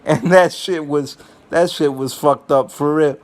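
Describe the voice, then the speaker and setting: With a slightly high voice, a steady tone and a measured pace, a young man vlogs comedic stories about his family. He rambles and curses freely, with plenty of restarts and fillers like "you know" and "um."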